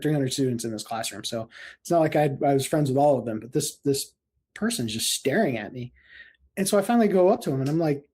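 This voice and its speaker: Mellow-voiced man telling stories. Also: on the high side. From central Illinois, US. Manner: animated, laughs often, acts out quotes. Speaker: guest, paramedic and screenwriter. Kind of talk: casual storytelling interview.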